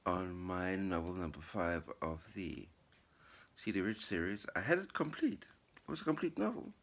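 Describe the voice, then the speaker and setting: A man's voice: low voice, slight background noise. A middle-aged man vlogging casually to camera, chatty and upbeat with a rambling way of talking. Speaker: vlogger and writer. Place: apartment living room.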